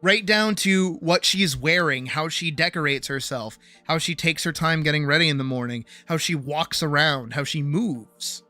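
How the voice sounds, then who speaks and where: A woman's voice: sits low, moderate pace, hardly any pauses, bright, forceful tone, soft background music. A woman streaming live, chatting animatedly about character writing, swearing freely and checking in with "right?". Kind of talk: casual livestream chat about character writing.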